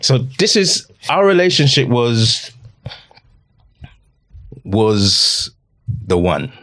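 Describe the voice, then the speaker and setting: A middle-aged man telling a personal story in an earnest, halting way, often repeating himself. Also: mid-range voice, sing-song, a bit bright. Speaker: podcast guest.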